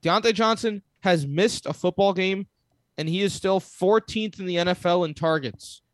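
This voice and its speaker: A man's voice: high-pitched, normal speed, dry recording. A man co-hosting a sports podcast, arguing his point insistently in casual chat. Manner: insistent, argumentative. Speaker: podcast co-host.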